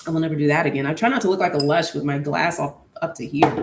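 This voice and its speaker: A young woman chats candidly on her podcast, throwing out opinions with plenty of fillers. Her voice sits a little low. The room around her is echoey. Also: fairly even intonation, fast talker, very noisy. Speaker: podcast host. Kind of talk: casual solo podcast chat.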